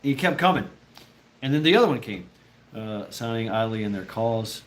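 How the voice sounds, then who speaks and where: A man's voice: lowish voice, expressive, normal speed, slight background noise. Rambling, foul-mouthed male streamer. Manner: rambling, profane, laughs often, talks to chat. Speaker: livestreamer chatting with viewers. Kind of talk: casual storytelling.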